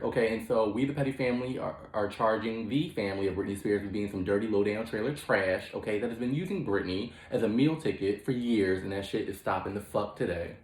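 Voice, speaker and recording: A man's voice: on the low side, a little fast, hardly any pauses, noisy background. A man hosting a comedic mock courtroom commentary, profane and emphatic, peppering his talk with "child" and "okay". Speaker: host. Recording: roomy echo.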